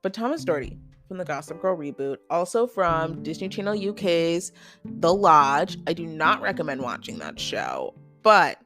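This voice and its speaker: A young woman hosts her own podcast in a loose, chatty way, tossing out strong opinions and side comments. Her voice sits a little low for a woman. Soft guitar music plays faintly underneath. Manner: chatty and opinionated, lots of "like" and quick asides. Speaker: podcast host. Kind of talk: casual solo podcast chat.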